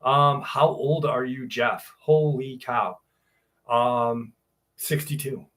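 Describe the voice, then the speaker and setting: A man's voice: mid-range voice, takes it slowly, fairly bright tone. A man in his forties hosting a live stream, chatting casually, joking about himself and laughing often, then reading a listener's story aloud. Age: 40s. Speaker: podcast host.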